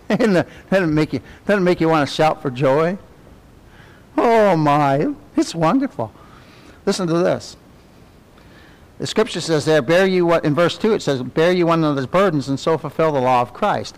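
At normal speed, a middle-aged man leads conversational Bible teaching for a Sunday school class at church. He speaks animatedly in a somewhat high voice, uses tag questions with the class, and softens to a low murmur for reverent words.

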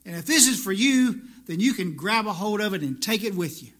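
A man preaching to his congregation in a church, with a high-pitched voice. His tone is bright and ringing. He talks like he is chatting with friends, then presses his point with emphatic, repeated phrases. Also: animated, a little fast, hardly any pauses. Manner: conversational preaching, rising to emphatic repetition. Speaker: pastor. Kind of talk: sermon.

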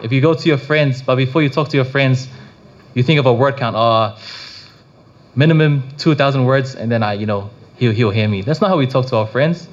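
Guy doing a laid back prayer talk, mid pitch, lots of you know and restarts, kinda muffled lo-fi audio. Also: brisk. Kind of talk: casual devotional talk. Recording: slightly dull lo-fi recording.

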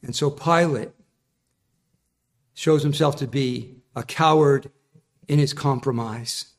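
A man's voice: mid-range voice, slow pace, vocal fry. A man preaching a sermon in an earnest, emphatic, explaining manner.

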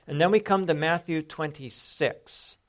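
A man's voice: on the high side, unhurried. A man teaching a Bible sermon, explaining passages step by step and stressing quoted lines with emphatic rises.

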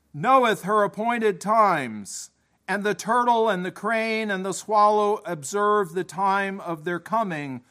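A male preacher delivering a sermon with a fairly high voice. He talks slowly and deliberately, leaning on each phrase as he reads scripture and reasons with his hearers. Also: a bit bright. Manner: slow, deliberate delivery, reading scripture with emphasis.

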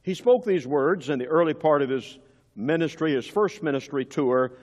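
A middle-aged male pastor preaching from the pulpit with a slightly high voice. His delivery is earnest and emphatic, pressing hard on key words, and the sound rings with the long reverb of a big church hall. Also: lively intonation, normal speed. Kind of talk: sermon. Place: church sanctuary.

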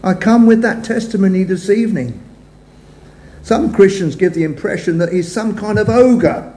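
An older man preaching a sermon to a congregation in a church hall, measured, his phrases trailing off softly. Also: high voice, lively intonation. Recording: echoey hall sound.

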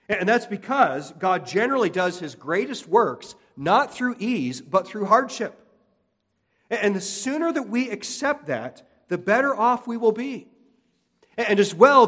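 An earnest male pastor delivering a sermon, repeating his main points and restarting phrases as he goes. His voice sits slightly high for a man, and long reverb trails off every sentence. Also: fairly bright tone. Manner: earnest, repetitive emphasis with frequent restarts.

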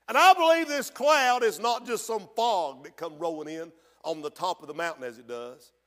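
Pastor, man, very high voice, fervent sermon with shouted peaks, reverberant hall. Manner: preaching with shouted peaks and drawn-out quotes.

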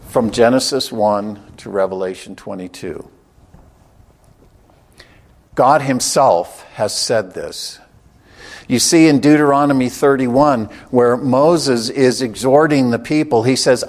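Man preaching a measured sermon. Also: mid-range voice. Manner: measured, emphatic, slows on key phrases.

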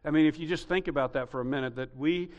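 Male pastor, emphatic sermon delivery; slightly high-pitched, long hall echo. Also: quick pace, darkish tone, highs cut off. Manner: emphatic, building to repeated rising peaks. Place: church sanctuary. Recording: reverberant hall.

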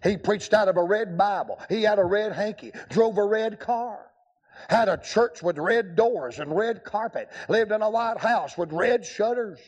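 A man's voice: high voice, lively intonation, a little slow, darkish tone. An older man preaching a revival sermon, telling folksy stories with humor. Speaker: evangelist preacher.

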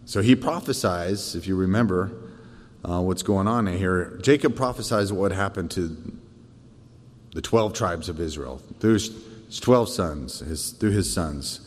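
A man teaching a church Bible lesson in a thoughtful way, often pausing on fillers and restarting. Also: deep voice, big-room sound. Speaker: Sunday school teacher.

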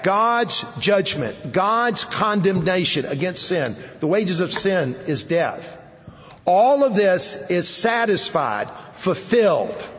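High-voiced slow preacher in a reverberant hall. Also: male voice, fairly bright tone, muffled recording. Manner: emphatic, repeating key phrases, dropping low at phrase ends. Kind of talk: sermon. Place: hall with an audience.

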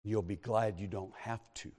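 A pastor preaching a sermon, telling a story and then preaching with fervor. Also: male voice, lowish voice, steady tone, normal speed, warm tone, in a large hall. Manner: storytelling, rising to fervent preaching. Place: church sanctuary.

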